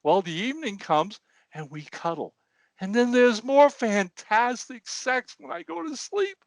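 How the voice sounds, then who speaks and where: A man voicing a weepy, forgetful elderly man in a told joke, in a high quavering whine. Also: expressive, measured pace, creaky, no echo, heavily acted. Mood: woeful whine.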